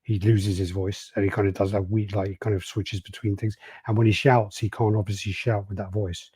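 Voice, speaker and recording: A man's voice: on the low side, level tone, a little fast, warm tone, slightly rough, no room sound. A man co-hosting a podcast, laid-back and jokey, greeting live chat and chatting casually. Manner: laid-back, jokey, does silly impressions. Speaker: podcast co-host.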